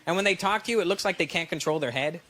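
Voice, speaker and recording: A man's voice: high-pitched, rapid-fire, bright, forceful tone. A man from Canada doing stand-up crowd work in a large venue, teasing the audience with brash, profane jabs. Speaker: stand-up comedian. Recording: roomy hall with crowd noise.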